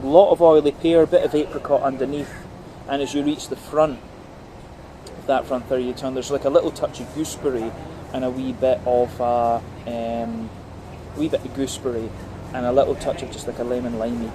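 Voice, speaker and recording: Visiting a brewery, a medium-pitched man casually and methodically reviews a beer, describing its flavours one layer at a time and filling gaps with lots of ums and uhs. There's noise in the background.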